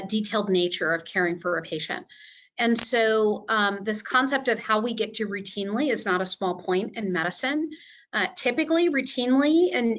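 A woman's voice: mid-range voice, fairly bright tone. Woman thinking aloud on a muffled call. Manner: thoughtful, many fillers and restarts. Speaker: webinar panelist. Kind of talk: unscripted presentation. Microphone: video call.

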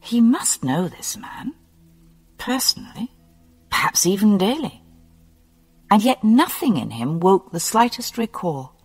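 Slow, expressive audiobook narrator. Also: mid-range voice, breathy edge. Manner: slow, measured and expressive reading. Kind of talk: scripted novel narration. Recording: long hall reverb with soft music. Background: soft music.

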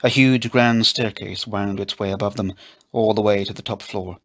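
A man reading a children's story aloud, in a gentle, measured storybook narration. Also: on the low side, steady tone. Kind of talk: scripted narration.

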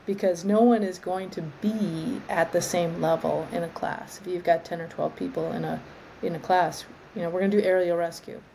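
A woman arborist trainer as an interview guest, explaining in a thoughtful, measured way and often restarting her phrases. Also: fairly low pitch, steady tone, creaky, mellow, a little hiss or hum, low-quality recording. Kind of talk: conversational interview.

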